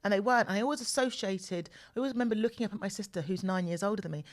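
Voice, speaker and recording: A woman in her forties hosting a podcast, telling personal stories in an animated way and repeating phrases for emphasis, close to the mic. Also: mid-range voice, rapid-fire. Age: 40s. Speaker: podcast host. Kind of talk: personal storytelling monologue. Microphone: mic close to the mouth.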